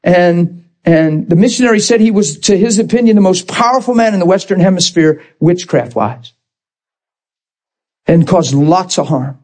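A man's voice: high-pitched, expressive, normal speed, a little mellow. A man preaching a sermon, impassioned and rising to emphatic bursts.

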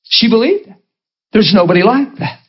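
A male preacher delivering a passionate sermon, telling stories and swinging between excited high exclaims and quiet, intimate tones. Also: moderate pace, breathy edge. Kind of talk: passionate sermon to a live group. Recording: dull lo-fi live recording.

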